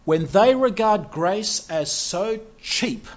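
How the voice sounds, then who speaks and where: A man preaching a sermon, earnest and measured, building to emphatic rises. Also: high voice, animated. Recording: dull lo-fi sound.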